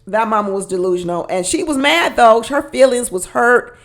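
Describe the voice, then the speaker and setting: A woman gives a chatty, gossipy recap of a reality show, talking straight to her listeners, calling them y'all and laughing often. Her voice sits on the high side, with lively intonation and a moderate pace.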